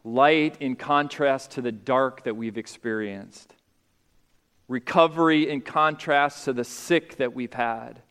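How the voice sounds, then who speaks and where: A man's voice: slow pace, smooth. Preaching man in a reverberant church. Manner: rises to loud, high emphatic peaks, then drops quiet. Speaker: pastor. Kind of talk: sermon. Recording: long hall reverb.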